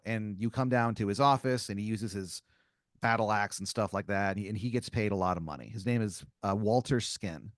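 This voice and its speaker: A man's voice: on the low side, a little fast, no room sound, studio quality. Man rambling through an improvised tale. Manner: rambling, loose storytelling. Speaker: podcast host running an improvised story. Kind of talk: improvised comedy narration.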